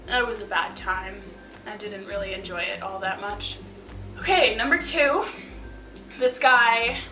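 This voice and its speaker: Chatty young woman, bright, echoey room. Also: a little high. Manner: chatty, wry, sarcastic asides with lots of likes. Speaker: vlogger. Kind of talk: casual storytelling to camera. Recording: echoey room, mic at a distance.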